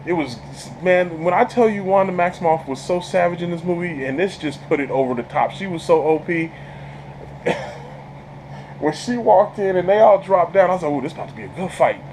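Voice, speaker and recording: A man rambles through a film review with a fairly high voice, full of slang and quick laughs. He trips over repeated words as his excitement builds. A faint air-conditioning hum sits underneath. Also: poor audio. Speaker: channel host reviewing a film. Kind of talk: casual spoiler movie review.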